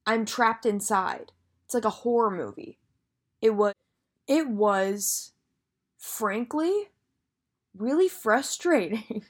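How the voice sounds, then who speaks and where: A woman's voice: mid-range voice, slow pace, pauses often. Young woman rambling a story on her podcast, super casual, lots of fillers and swearing. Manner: chatty, frequent "like" fillers and swearing.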